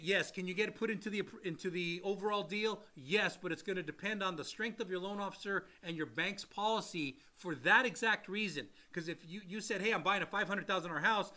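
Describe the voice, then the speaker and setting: Man, co-host, loan podcast, high voice, bright tone, blunt, animated, casual swearing. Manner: animated, acts out quotes of buyers and sellers.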